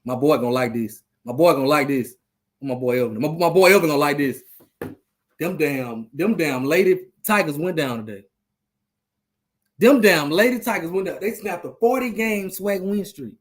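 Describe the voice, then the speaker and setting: A man's voice: fairly high pitch, animated, normal speed. A man hosting a live sports talk stream, rambling loosely and trash-talking the teams. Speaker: podcast host.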